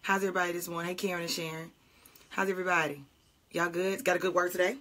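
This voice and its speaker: A woman's voice: on the low side, level tone, quick pace, a bit bright. A woman pastor, greeting livestream viewers by name and leading a fervent flowing prayer.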